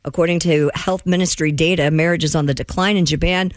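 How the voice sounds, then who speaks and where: A woman reading a short news story on a chatty show, brisk and plain. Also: fairly low pitch, steady tone, no echo. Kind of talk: reading news, casual asides.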